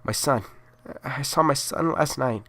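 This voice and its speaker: A man voicing a terrified mother in hiding, pleading in a high, strained, sobbing voice. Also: a little slow, fairly bright tone. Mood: panicked.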